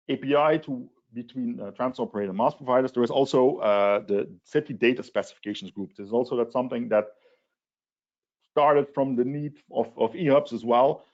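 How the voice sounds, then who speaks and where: A man's voice: lowish voice, darkish tone, dull audio. A man presenting slides in a webinar, hesitant and full of restarts. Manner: hesitant, many restarts and fillers. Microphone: video call.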